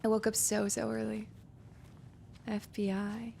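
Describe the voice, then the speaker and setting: Young woman game streamer, slow drawl with vocal fry, faint background hiss. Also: medium pitch, monotone, a little mellow. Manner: musing aloud, reading in-game notes, dropping to whispers. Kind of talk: let's-play commentary.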